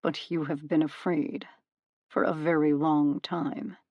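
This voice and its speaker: A woman voicing a proud male god of the underworld in an audiobook, cool and commanding, with a warm soothing baritone put on. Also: fairly even intonation, slow, dry recording, muffled recording, heavily acted. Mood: coaxing. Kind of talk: audiobook character voice.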